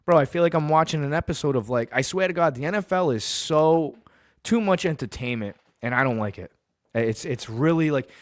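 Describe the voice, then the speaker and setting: A man's voice: mid-range voice, no room sound, clean studio sound. A man from Massachusetts hosting a sports podcast, ranting bluntly and profanely and hammering his points home by repeating them.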